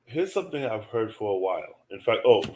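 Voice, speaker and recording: Laid-back low-voiced man on sports talk. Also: very animated, brisk, a little mellow, slight background noise. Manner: laid-back, thinks aloud with ums, lots of mm-hmm. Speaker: podcast co-host.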